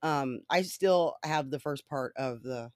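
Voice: mid-range voice, unhurried, a little mellow, no room sound, studio quality. A podcast host in a casual solo monologue, swearing freely and rambling through stories.

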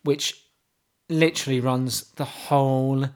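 A man's voice: mid-range voice, fairly even intonation, slow pace. A man co-hosting a casual chat podcast, mocking and laughing often as he picks apart songs. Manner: mocking, laughs often, reads lyrics aloud with scorn. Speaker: podcast co-host.

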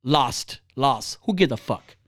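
Blunt, animated man with a lively voice. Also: takes it slowly, no echo, studio quality. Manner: blunt, profane, animated storytelling; acts out quoted people with big pitch jumps. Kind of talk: casual chat.

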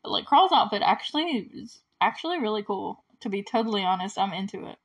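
A woman casually recapping a movie, chatty and full of "like", with small laughs and frequent throat clearing. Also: mid-range voice, lively intonation, a little fast. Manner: often clears her throat.

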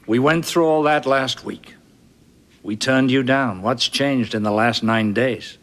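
A man's voice: medium pitch, unhurried, fairly bright tone. An actor playing a stern, impatient male judge in a TV drama, with an attempted Boston accent and a clipped delivery.

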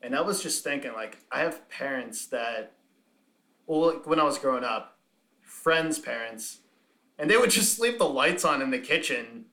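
A man's voice: mid-range voice, expressive, normal speed, bright, forceful tone, echoey room. A man hosting a casual chat, rambling and laughing often.

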